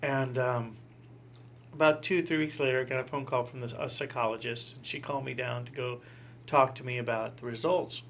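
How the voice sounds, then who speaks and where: A middle-aged man, a priest, telling his story in an interview with animated delivery and acted-out quotes. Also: medium pitch, brisk. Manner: animated, acts out quoted voices with laughing asides. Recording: dull lo-fi recording with faint hum.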